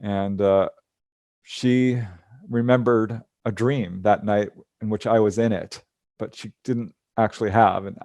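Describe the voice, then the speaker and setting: A man giving a casual talk over a video call, telling personal stories with lively acted-out dialogue and small laughs. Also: lowish voice, unhurried, no echo, studio quality. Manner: animated storytelling, acts out quoted dialogue with laughs. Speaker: speaker on out-of-body travel.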